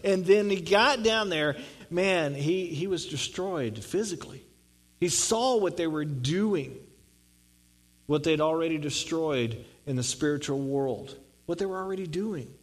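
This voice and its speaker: A man's voice: a little high, expressive, a little slow, poor audio. A man preaching a sermon, reading scripture and explaining it in a conversational way, often repeating words for emphasis. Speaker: pastor.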